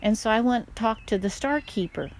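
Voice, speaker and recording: An older woman, a mother, chatting casually and telling stories in a lively way, often laughing. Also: a little high, brisk, slight background noise. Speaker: guest, mother. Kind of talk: casual chat.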